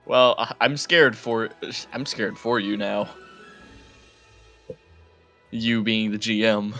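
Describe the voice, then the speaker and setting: A man talks casually and eagerly about a tabletop game, his voice bright and forward, with ready laughter. Faint music plays softly behind him. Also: lowish voice, little pitch movement, takes it slowly. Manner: enthusiastic, chatty, laughs often. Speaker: player.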